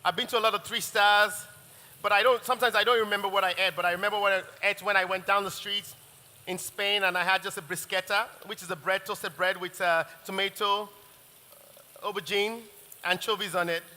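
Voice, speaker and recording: A man's voice: sits high, steady tone, fairly quick, sharp tone. A man chef giving a live cooking masterclass, chatty and rambling, often restarting his sentences. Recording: long reverb of a large hall.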